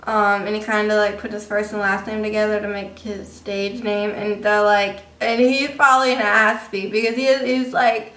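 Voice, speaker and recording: A woman's voice: mid-range voice, flat delivery, moderate pace, hardly any pauses, fairly bright tone. A young woman vlogging in a casual, rambling way, confiding in viewers with lots of fillers. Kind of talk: casual rambling vlog monologue. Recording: echoey room, distant mic.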